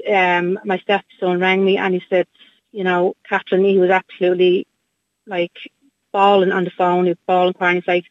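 A woman's voice: medium pitch, dry recording. Irish woman on a dull phone line. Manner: halting, repeats herself, many fillers. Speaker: guest, bereaved mother. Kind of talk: phone interview, emotional recounting.

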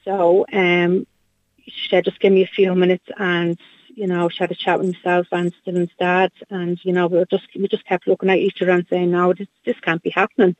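A woman's voice: on the low side, flat delivery, no echo. Irish woman on a dull phone line. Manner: halting, repeats herself, many fillers. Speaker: guest, bereaved mother. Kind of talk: phone interview, emotional recounting.

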